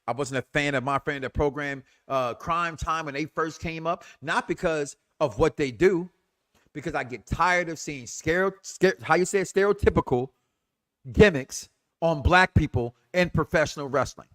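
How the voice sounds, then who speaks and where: Hosting a wrestling talk show, a man with a somewhat high voice launches into an impassioned commentary rant at normal speed. He's animated and emphatic, repeating himself a lot.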